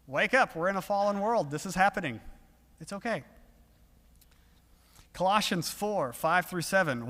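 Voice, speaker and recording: A man preaching an evening sermon in an earnest, conversational way, pausing and restarting as he talks. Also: high-pitched, fairly bright tone. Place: church sanctuary. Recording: long reverb of a church hall.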